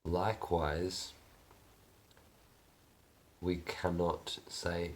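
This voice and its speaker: Male vlogger, deep creaky voice, earnest coaching tone with frequent cursing, faint background hiss. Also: little pitch movement, slow, long pauses. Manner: swears freely, earnest and coaching. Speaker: self-help vlogger. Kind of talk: casual reflective monologue.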